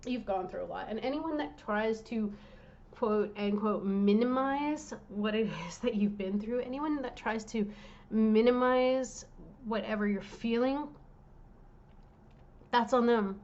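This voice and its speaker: A woman's voice: a little high, unhurried, a little mellow, lo-fi sound. A woman tarot reader talking straight to her viewers, worked up and direct as she gives a reading.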